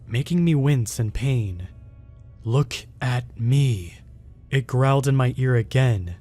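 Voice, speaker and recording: A man reading a first-person scary story aloud in a steady, measured way. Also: medium pitch. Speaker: horror story narrator.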